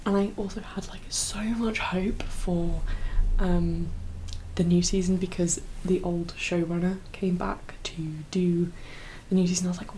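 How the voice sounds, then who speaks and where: Brief: young woman, soft-spoken ASMR chat, breathy half-whispers, teary and rambling, faint background hum. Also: fairly low pitch, level tone, measured pace, low-quality recording. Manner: rambling, full of fillers and laughs. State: teary, emotional. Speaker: ASMR creator.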